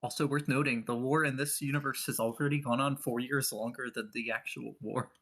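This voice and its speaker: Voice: mid-range voice, fairly even intonation, fairly quick, a bit bright. A tabletop game player who talks in a rambling way and often corrects themselves.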